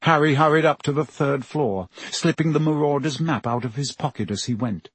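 A man's voice: fairly high pitch, moderate pace, husky, no echo. A man reading a novel aloud as an audiobook narrator, telling the story steadily. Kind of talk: scripted narration.

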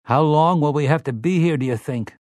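A man's voice: fairly high pitch, brisk, a little mellow, no room sound, clean studio sound, pitched above the performer's own voice, lightly acted. A man voicing a wisecracking young man in an audiobook. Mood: wry.

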